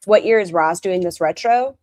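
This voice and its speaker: A woman's voice: on the low side, normal speed, a little mellow, dry recording. A woman hosting a reaction stream, commenting in a dry, mocking way.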